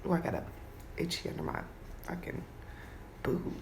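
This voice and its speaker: A woman coaxing her pet bird at home in a cooing baby-talk voice, with casual swearing, in a noisy home recording. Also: normal speed. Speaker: pet video host.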